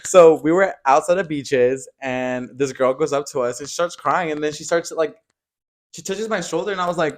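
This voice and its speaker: A man's voice: fairly high pitch, fairly quick, dry recording. A young man co-hosting a podcast, laughing often and telling stories dramatically. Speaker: podcast co-host. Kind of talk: casual chat.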